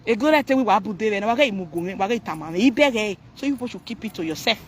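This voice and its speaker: A man's voice: high-pitched, animated, rapid-fire, breathy edge. A man with a Nigerian accent talking to viewers on a live stream, ranting animatedly and mixing Pidgin, Yoruba and English.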